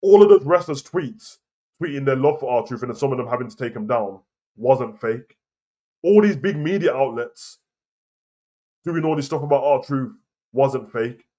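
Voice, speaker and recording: A man's voice: medium pitch, expressive, moderate pace, warm tone. Heated man ranting about wrestling. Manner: heated, repetitive, argumentative. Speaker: wrestling commentary host. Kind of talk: casual opinion rant to camera.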